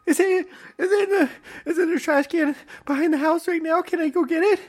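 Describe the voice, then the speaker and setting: A frantic young man, as a player acts him out, pushed high and pleading, close to tears. His questions tumble out in a rush of panic. The voice is raised well above the player's own. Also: measured pace, fairly bright tone. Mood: frantic crying.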